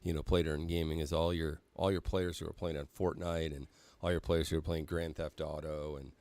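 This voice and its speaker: A man's voice: very deep voice, level tone, a little fast, darkish tone. A man hosting a casual podcast, talking in a rambling way with frequent fillers and laughter. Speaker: podcast host. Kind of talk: casual chat.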